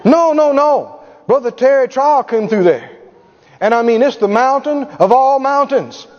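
A man's voice: very high-pitched, lively intonation, measured pace, slight background noise. A man voicing astonished church members who ask incredulous questions. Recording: echoey hall, dull lo-fi sound.

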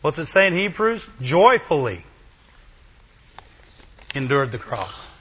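A man preaching a sermon in a lively, chatty way, with asides to the congregation. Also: a little high, takes it slowly, breathy edge. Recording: dull, long reverb of a hall.

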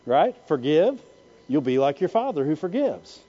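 Guy preaching a sermon, high voice jumping all over, keeps throwing out amen and why, kinda muffled sound. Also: moderate pace. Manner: animated preaching, repeated "Amen?" and "Why?" to the congregation. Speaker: pastor.

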